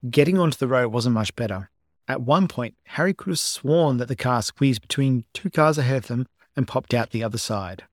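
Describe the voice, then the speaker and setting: A man narrating a story as an amateur audiobook reading, at a steady, unhurried storytelling pace. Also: medium pitch, no room sound, clean studio sound.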